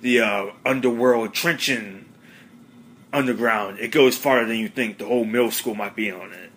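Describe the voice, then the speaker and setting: A man's voice: fairly low pitch, normal speed, fairly bright tone, slight background noise, natural voice. A man voicing a dim-witted young man who works as a bumbling cop, talking in a goofy, defensive way.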